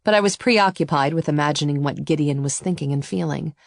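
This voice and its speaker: A woman narrating a first-person romance audiobook in an even, intimate storytelling manner. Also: deep voice, fairly quick, gravelly, no echo, clean studio sound.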